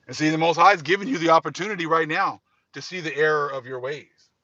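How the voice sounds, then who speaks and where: Emphatic man preaching with a bright voice. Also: a little high, no room sound, dull audio. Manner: emphatic, repetitive. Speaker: host. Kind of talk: religious commentary.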